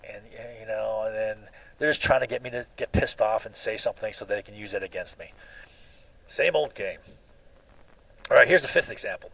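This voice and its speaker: Gravelly man ranting with aggrieved repetition. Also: lowish voice, a little fast, pauses often, fairly bright tone, low-quality recording. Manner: aggrieved, keeps asking "right?"; repetitive with frequent restarts. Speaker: video blogger. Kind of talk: rambling personal monologue.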